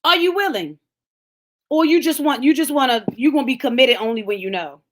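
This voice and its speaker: A middle-aged woman giving a fervent sermon-style motivational talk, speaking plainly and straight to her listeners, at times rising to a shout. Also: sits high, a little fast. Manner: fervent preaching, talks straight to listeners by name. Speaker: speaker of a lunchtime empowerment talk.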